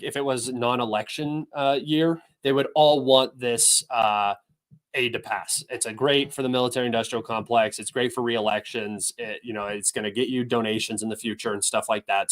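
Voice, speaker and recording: A young man hosting a livestream, talking through news articles in an offhand, rambling, opinionated way. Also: medium pitch. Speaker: livestream host. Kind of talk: casual livestream news commentary.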